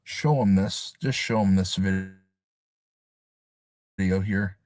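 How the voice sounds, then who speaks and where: A man talks loosely through his livestream, drifting between sarcastic remarks and self-mocking asides. His voice sits low and the sound is dry and close, with no room around it. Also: takes it slowly, a little mellow, no room sound. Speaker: livestream host. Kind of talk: casual livestream chat.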